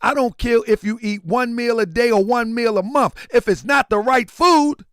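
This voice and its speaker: A man's voice: very high-pitched, normal speed, no echo, studio quality. A man hosting a livestream, talking casually and preaching at times, often raising his voice. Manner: animated, preachy, shouting at times. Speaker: livestream host.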